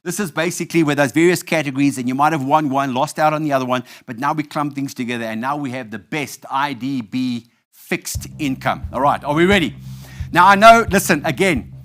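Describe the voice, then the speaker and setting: A man's voice: a little high, brisk. South African man hosting an awards show. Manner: storytelling, playful, shifts to loud hype when announcing. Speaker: awards host. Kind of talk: live stage hosting with anecdotes. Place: live event venue.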